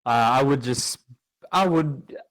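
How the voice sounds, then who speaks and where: A young man in an easygoing podcast chat, his voice sitting at an ordinary middle pitch. He talks over an online call in a loose, jokey way and drops in casual slang. He reads listener questions with little formality. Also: slow pace, low-quality recording. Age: young adult. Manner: laid-back, jokey, slangy.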